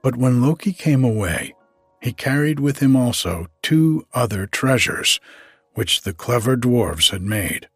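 A man narrating a storybook to the listener in an unhurried, gentle way. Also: medium pitch, animated, husky, no echo. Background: faint music.

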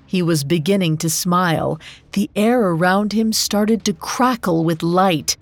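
A woman narrating a myth as scripted storytelling, in a slow, measured way. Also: lowish voice. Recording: dry studio with faint music.

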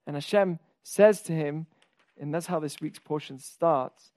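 High-voiced man teaching a Torah class. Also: normal speed, warm tone, dry recording, clean studio sound. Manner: questions the listeners and stresses key words.

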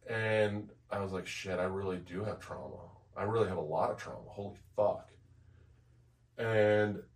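A man co-hosting a podcast, telling a personal story in a blunt, profane, halting way, with many restarts. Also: sits low, darkish tone, distant mic. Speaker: podcast co-host. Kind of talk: candid conversational storytelling.

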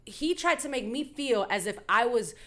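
Young woman podcaster, kinda high voice, slangy and swearing a lot, acting out everybody's lines in her story. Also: normal speed. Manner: animated, slangy and profane, acts out quoted dialogue. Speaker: podcast host. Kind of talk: casual storytelling chat.

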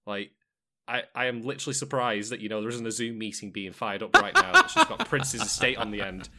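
A man's voice: on the low side, very animated, brisk, a loud crowd. A man hosting a podcast in casual chat, who rambles with wry jokes and asides. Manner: rambling, wry and joking, many fillers and asides. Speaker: podcast host.

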